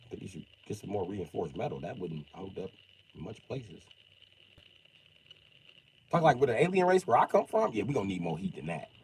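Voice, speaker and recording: A man's voice: very animated, brisk, pauses often, darkish tone, a little hiss or hum, poor audio. Man doing a cool, smug superhero. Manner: low, cool and mocking. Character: smug male superhero, calm and unbothered.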